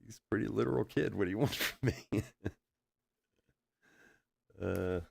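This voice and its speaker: Gravelly low-voiced middle-aged man chatting. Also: a little slow, a little mellow, no room sound. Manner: chatty storyteller, laughs often, calls out cards. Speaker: card break host. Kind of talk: casual live-stream chat while opening card packs.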